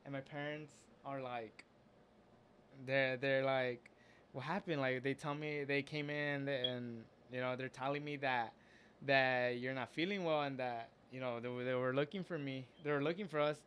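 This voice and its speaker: A man with a medium-pitched, clear and resonant voice that's fairly bright and fairly even in intonation casually recounts something he personally went through. He's earnest and open, but halting, often stopping to restart sentences and leaning on fillers.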